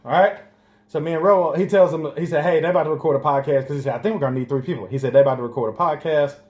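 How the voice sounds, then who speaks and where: Man, high voice, animated storyteller, roomy echo. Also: rapid-fire. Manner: animated, laughs and jumps high in pitch at punchlines. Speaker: podcast co-host. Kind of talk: casual storytelling chat.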